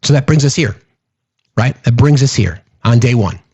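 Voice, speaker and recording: A man's voice: mid-range voice, animated, moderate pace, a little mellow, husky, dry recording, highs cut off. A man hosting a political commentary show, speaking emphatically and repeating phrases for stress.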